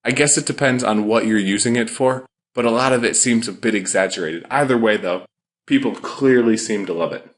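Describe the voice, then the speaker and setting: A man with a fairly low voice hosts a podcast. He talks in an upbeat, enthusiastic way, rattling off his points in quick succession like a seasoned commentator. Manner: upbeat, enthusiastic, quick rapid-fire delivery. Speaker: podcast host.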